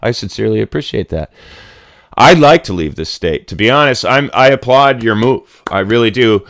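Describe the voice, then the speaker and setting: Hosting a casual livestream, a middle-aged man from Connecticut goes on a rambling, bluntly profane rant. His medium-pitched, fairly bright voice has lively intonation and a moderate pace. The sound is clean studio quality without echo.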